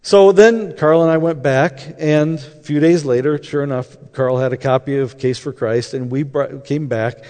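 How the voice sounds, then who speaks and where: A man's voice: fairly high pitch, moderate pace, few pauses, a little mellow. A man telling a faith story in a conversational way, acting out the dialogue as he goes. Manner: conversational, acts out quoted dialogue. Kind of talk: anecdotal storytelling talk. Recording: long hall reverb.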